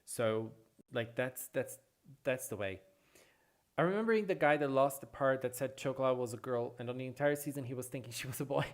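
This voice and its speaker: A streamer hosting a casual livestream, chatting with viewers and answering chat in an excitable way, often repeating phrases. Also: medium pitch, normal speed. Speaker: livestream host reading chat.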